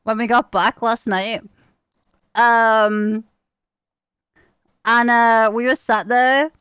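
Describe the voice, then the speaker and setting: A young woman chats with her stream in a bright, smooth voice that sits a little high. Her talk is loose and giggly, with casual swearing and frequent asides to chat. The sound is close and dry, with no room around it. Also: steady tone, extremely slow, no echo.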